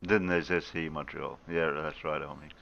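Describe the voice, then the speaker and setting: A man's voice: very deep voice, steady tone, moderate pace, vocal fry, fairly bright tone. A man co-hosting a casual chat, laid-back with brief replies. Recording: dull lo-fi sound.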